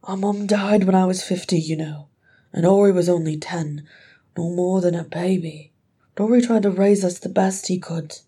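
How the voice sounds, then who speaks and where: A woman voicing a sly male dwarf, the middle brother, in a low, wry, bitter grumble. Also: normal speed, warm tone, breathy edge.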